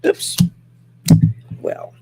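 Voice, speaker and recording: A woman's voice: extremely slow, background noise. A woman with a Southern accent hosting a casual livestream, reading oracle cards in a folksy, rambling way with many fillers. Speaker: host doing oracle card readings. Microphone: home setup by a window.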